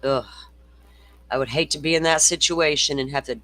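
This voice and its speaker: A man's voice: a little high, normal speed, bright, forceful tone, no room sound. A middle-aged man hosting a casual true-crime livestream, swearing freely and reading viewer comments aloud. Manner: profane, ranting, reads viewer comments aloud.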